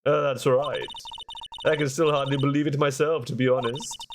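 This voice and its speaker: A man's voice: mid-range voice, steady tone, normal speed, noisy background, close to an everyday voice. A man voicing a brash, teasing older woman who is head of a temple, reading game dialogue aloud. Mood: chatty. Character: older woman, head nun, bold and cheeky.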